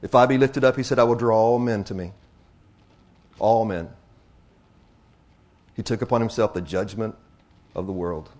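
Preaching to his congregation in a voice on the low side, a man shifts from slow, hushed passages to loud, excited exclamations. He repeats phrases to emphasize them.

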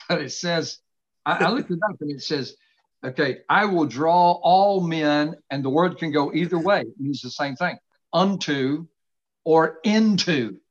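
A middle-aged man hosting a casual faith conversation, earnestly expounding scripture with slow, emphatic stresses from his home study. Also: fairly high pitch. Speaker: host. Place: home study with books behind him. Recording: dull lo-fi sound.

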